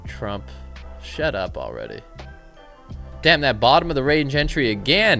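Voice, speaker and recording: A man talks casually on a live trading stream, swinging his pitch up and down as he jokes with viewers. His banter is loose and irreverent, broken up by quick commentary on trades. Faint music plays softly behind him. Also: wildly swooping pitch, vocal fry.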